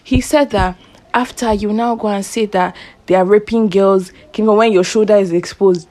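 A young woman hosts a relaxed podcast conversation with friends. She tells stories animatedly, slips into quoted voices and laughs easily, with a voice sitting at an everyday middle pitch for a woman. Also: normal speed. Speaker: podcast host. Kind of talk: casual chat.

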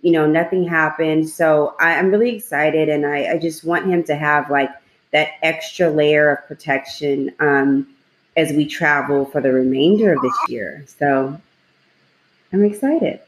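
A woman's voice: low voice, a little slow. A woman in her thirties co-hosting a radio talk show, chatting casually, laughing often and filling her talk with "like" and "you know". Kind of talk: casual chat. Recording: roomy echo.

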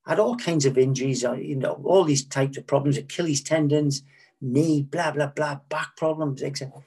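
Husky-voiced middle-aged man telling stories. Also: a little high, moderate pace, a little mellow. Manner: frank, rambling, self-correcting with repeated words. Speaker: former footballer, interview guest. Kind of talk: candid anecdotal storytelling.

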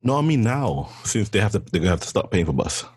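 A young man, chatting casually with a friend, animated and teasing, laughing often. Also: lowish voice, fast, slight background noise. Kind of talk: casual chat.

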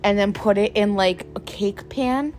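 A woman's voice: mid-range voice, a little slow, darkish tone, soft background music. A young woman co-hosting a podcast in casual chat, rambling, laughing often and swearing freely. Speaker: podcast co-host.

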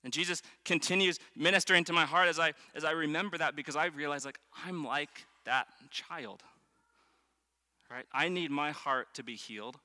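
Earnest bright-voiced preacher in a hall. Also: male voice, fairly high pitch, moderate pace. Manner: earnest, emphatic storytelling with repeated restarts. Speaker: pastor. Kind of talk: sermon. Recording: long reverb of a large hall.

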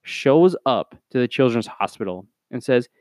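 Male podcast co-host, mid-pitched, ranting film recap, dry booth sound. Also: lively intonation, moderate pace, a little mellow, dry recording. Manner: profane, exasperated, mimics characters in high voices. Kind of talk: casual film review chat.

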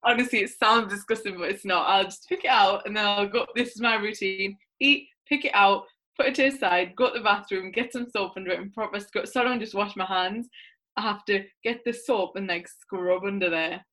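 Bright-voiced woman guest. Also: mid-range voice, fairly quick. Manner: enthusiastic, rambling storyteller. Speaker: podcast guest. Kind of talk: casual chat.

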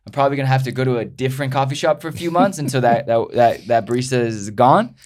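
Man, casual storyteller, animated, lots of "like", mid-pitched everyday voice. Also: fast. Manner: animated, heavy use of "like", laughs while telling.

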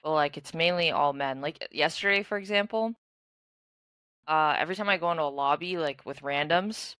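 Bright-voiced young woman chatting loosely. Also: deep voice, normal speed, clean tone, no echo. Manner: rambling, full of "like". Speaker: podcast co-host and streamer. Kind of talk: casual chat.

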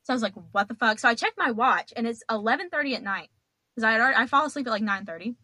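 A woman's voice: on the high side, expressive, racing, pushed and bright, no room sound. A young woman telling stories as a podcast guest, chatty and dramatic, laughing as she goes. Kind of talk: casual storytelling.

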